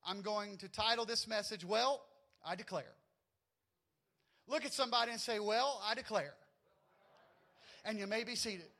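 A man's voice: sits high, bright, forceful tone. A man with a Southern US accent preaching a sermon to his congregation in a church, folksy and joking with them. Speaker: pastor.

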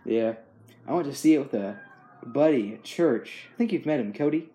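A man's voice: mid-range voice, animated, normal speed, mellow. A young man chatting casually as host, easygoing and rambling, with frequent chuckles. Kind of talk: casual chat.

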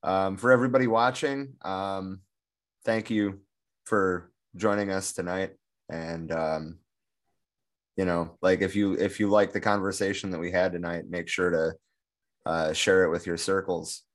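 A man's voice: low-pitched, steady tone, unhurried. A man hosting a livestream over a video call, closing out with hesitant remarks. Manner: hesitant, many ums. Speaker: livestream host.

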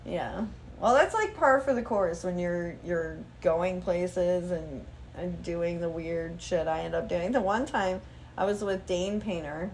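A woman in her thirties, a guest model chatting casually, telling lively stories with swearing and acted-out quotes. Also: on the low side, measured pace, slight background noise. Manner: animated storyteller, swearing, acting out quotes. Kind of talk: casual chat.

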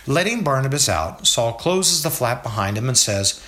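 A man reading a scripted story as narrator, with descriptive, measured storytelling. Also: mid-range voice, sing-song, bright, forceful tone.

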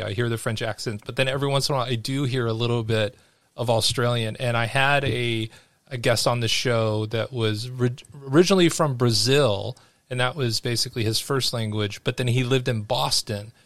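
Male podcast host, middle pitch, curious and talkative, dry studio sound. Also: normal speed, fairly bright tone, no echo. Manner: curious, chatty, filler-heavy questions. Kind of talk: casual interview chat.

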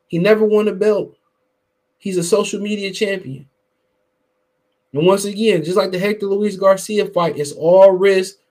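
A man's voice: high voice, mellow. A man hosting a boxing podcast, giving heated, profane casual commentary while greeting his live chat. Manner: profane, heated, emphatic and repetitive.

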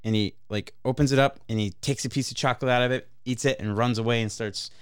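A man with a smooth, clear voice at a middling pitch tells a long story on a casual podcast. He rambles, swears freely and keeps laughing through his own words. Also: steady tone, fast. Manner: rambling, profane, often laughing mid-story. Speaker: podcast co-host.

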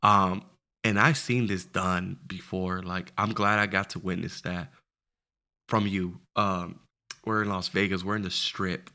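A young man with a low but very bright, cutting voice, chatting casually. He teases his friend and laughs easily. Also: a little slow. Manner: animated, laughing listener who teases. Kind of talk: casual chat.

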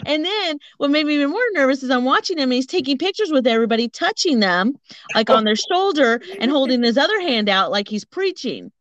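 Excitable high-voiced woman telling a story. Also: brisk, no room sound. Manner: animated, laughs often, acts out quotes. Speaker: podcast co-host. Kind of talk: casual storytelling chat. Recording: dull lo-fi audio.

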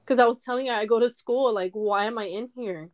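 A woman's voice: a little high, brisk, highs cut off. A young woman podcaster telling a personal story in a candid, emotional monologue, often tearful and swearing.

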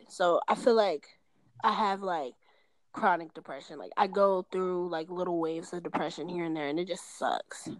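This woman, in her twenties, has a lowish voice captured in a dry recording. She's on the phone, talking casually and meandering, with frequent swearing and plenty of "like" fillers.

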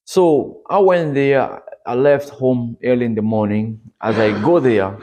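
Brief: preacher, male, husky voice, earnest testimony that climbs in pitch at dramatic moments. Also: unhurried, warm tone, muffled recording. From Democratic Republic of Congo. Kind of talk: sermon testimony.

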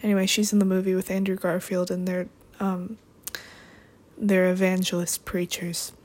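A woman's voice: lowish voice, flat delivery, moderate pace, a little mellow. A young woman hosting a podcast, chatting in a rambling, playful way with sarcastic asides. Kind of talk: rambling comedic chat.

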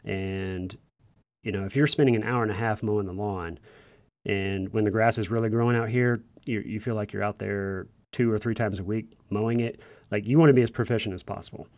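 A man's voice: on the low side, steady tone, fairly quick, a little mellow, no echo. A man, likely in his thirties, telling a folksy personal story to first responders in an earnest, conversational way, with frequent restarts. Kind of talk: casual storytelling monologue.

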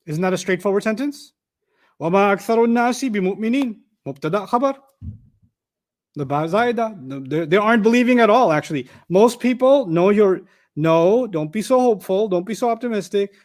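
A man with a fairly high voice teaches a roomful of students, talking conversationally and working through examples on a screen. His tone is animated, with quick asides to the audience. He sometimes steps away from the mic, so he drifts a little farther off. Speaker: Quran teacher. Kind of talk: classroom tafsir lecture.

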